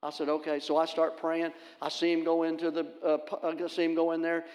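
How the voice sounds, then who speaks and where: A middle-aged male pastor, preaching a sermon in a folksy, animated storytelling manner and acting out the voices in his stories. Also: a little high, fairly quick. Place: church sanctuary. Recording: long hall reverb.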